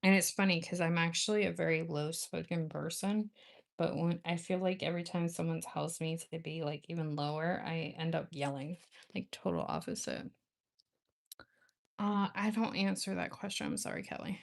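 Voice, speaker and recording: A woman's voice: lowish voice, fairly even intonation, normal speed, creaky. A woman chatting casually with viewers on a livestream, rambling and laughing often. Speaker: nail art livestream host.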